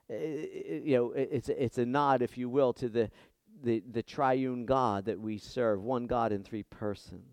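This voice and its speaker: A man preaching a sermon, impassioned, dropping soft and then rising loud and high when he voices prayers. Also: fairly even intonation, normal speed, no room sound, studio quality.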